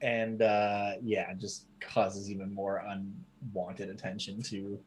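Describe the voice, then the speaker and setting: A man's voice: fairly low pitch, flat delivery, slow pace, a little hiss or hum. A man narrating a tabletop game as game master in a casual, rambling way full of fillers.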